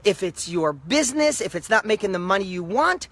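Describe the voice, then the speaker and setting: A middle-aged man giving an emphatic, repetitive motivational talk, swinging between loud and soft. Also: high-pitched, big pitch swings, a little fast. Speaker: motivational speaker.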